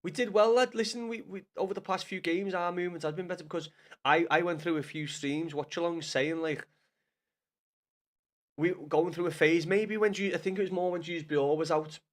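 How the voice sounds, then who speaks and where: A man's voice: sits high, fairly even intonation, a little fast. Chatty Scouse man talking football. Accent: Liverpool Scouse. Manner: rambling, swears often, talks to chat viewers by name. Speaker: streamer. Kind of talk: casual live-stream football chat.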